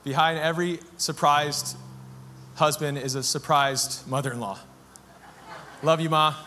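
High-voiced pastor preaching in a reverberant church. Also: male voice, a bit bright, slight background noise. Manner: earnest, rising to fervent preaching with repeated phrases. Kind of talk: sermon. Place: church sanctuary. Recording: long church hall reverb with music behind.

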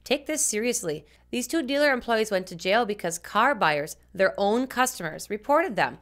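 A woman's voice: mid-range voice, lively intonation, moderate pace, a bit bright. Woman co-host reading car news, mid voice, direct and earnest. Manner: direct, earnest address to viewers. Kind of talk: scripted news commentary.

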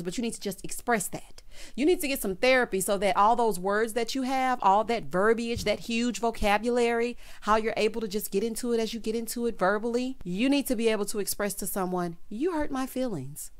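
A woman doing a casual, chatty recap of a reality show, sassy and full of "honey" and "baby," with loud bursts of laughter. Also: on the high side. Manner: animated, breaks into loud hollering laughs.

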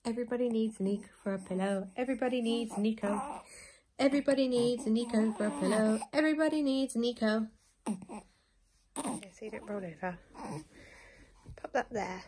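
A woman cooing to her dog and a baby at home, in a soft sing-song way. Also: fairly high pitch, normal speed, pauses often, a little hiss or hum. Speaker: dog owner filming her pets. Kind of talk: cooing baby and pet talk. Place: home, indoors.

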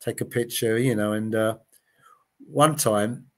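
A man's voice: fairly low pitch, steady tone, a little slow. Chatty man in his sixties telling stories. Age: 60s. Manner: chatty anecdotes, acts out quoted voices, frequent "you know". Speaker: interviewee, former TV gladiator. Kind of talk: casual interview storytelling.

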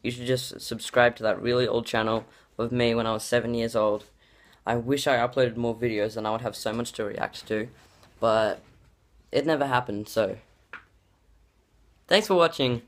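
A man's voice: medium pitch, moderate pace. Rambling guy with filler words. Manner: rambling, heavy use of "like" fillers and restarts; excitable, gushing exclamations. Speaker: YouTuber reacting to his childhood videos. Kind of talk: casual vlog reaction.

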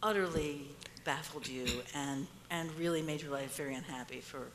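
A woman's voice: deep voice, moderate pace. Musing woman interviewer in a hall. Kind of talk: onstage interview. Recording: reverberant hall, faint noise.

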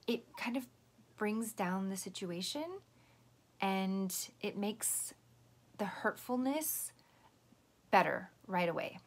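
A woman teacher giving a patient, gentle lesson to young children, explaining step by step. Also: mid-range voice, slow pace, long pauses.

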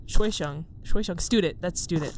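A woman's voice: on the low side, moderate pace, a little mellow, slight background noise. A young woman hosting a horror game let's-play, jumpy and swearing, who keeps dropping into a whisper and laughs nervously. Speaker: gaming video host. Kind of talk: casual let's-play commentary.

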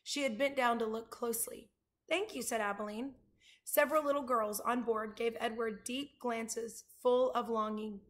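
Brief: woman reader, children's chapter book, higher voice, storytime manner. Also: steady tone, moderate pace, a bit bright. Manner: showing pictures to listeners. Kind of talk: reading a children's book aloud.

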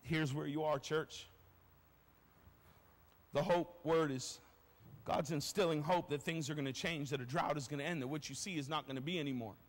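A male pastor preaching a lively sermon in a church, telling a story in casual slang and swinging between shouts and quiet asides. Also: a little high, moderate pace, pauses often. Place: church sanctuary. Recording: long reverb of a church hall.

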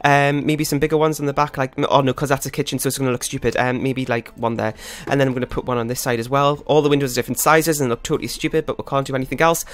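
A man's voice: medium pitch, level tone, very fast, few pauses. A man hosting his own gaming channel, giving flustered, rambling, self-critical live commentary while he plays. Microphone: desktop USB microphone.

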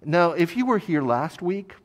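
A man preaching a sermon as pastor, telling a personal story in a relaxed, conversational way with frequent fillers and light self-deprecating humor. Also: fairly high pitch, unhurried. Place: church sanctuary. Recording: long church reverb.

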